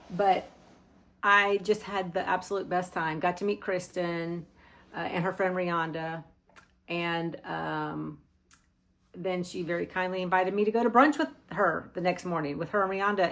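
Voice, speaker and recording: A woman's voice: on the low side, a bit bright. A middle-aged woman from Arkansas hosting a knitting vlog, chatting to camera in a rambling, friendly way with fillers and restarts. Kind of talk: casual chat to camera.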